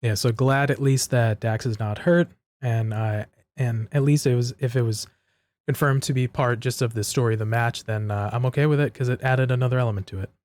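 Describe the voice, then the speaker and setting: A man's voice: mid-range voice, fairly even intonation, a little fast, a little mellow, no echo. A man co-hosting a wrestling podcast, recapping matches casually and steadily, step by step. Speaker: podcast co-host.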